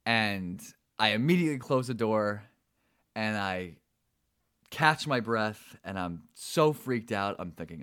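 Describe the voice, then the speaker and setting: A man's voice: lowish voice, lively intonation, normal speed, fairly bright tone, no echo, studio quality. A young adult man hosting a podcast, telling a personal story in a rambling way with fillers and repeated words. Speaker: podcast host.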